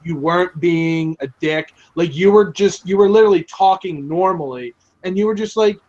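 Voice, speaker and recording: A high-voiced man tells a story on a live stream, animated and full of fillers and casual swearing. The audio is dull and lo-fi. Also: normal speed, hardly any pauses. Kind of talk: casual chat.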